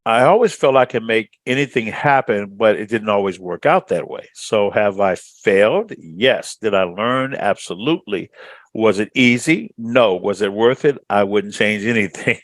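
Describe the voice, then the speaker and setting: A man's voice: fairly low pitch, expressive, normal speed, no echo. A middle-aged man from Chicago, answering interview questions as a speaker trainer in a confident storytelling manner. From Chicago, USA.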